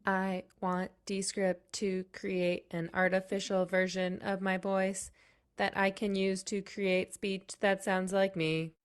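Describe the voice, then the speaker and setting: A woman putting on a flat, mechanical robot voice. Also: medium pitch, slow pace, smooth, natural voice. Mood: robotic.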